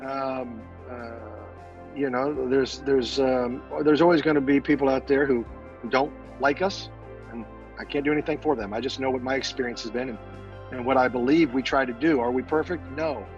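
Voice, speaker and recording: Veteran man guest, halting speech full of fillers, dull lo-fi sound, faint music underneath. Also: medium pitch, steady tone. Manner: halting, many fillers and restarts. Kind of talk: casual interview answers.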